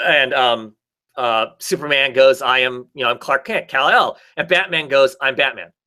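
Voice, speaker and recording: A man's voice: mid-range voice, normal speed, sharp tone. A man in a casual chat, rambling through a comic story with lots of fillers and restarts. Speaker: podcast co-host.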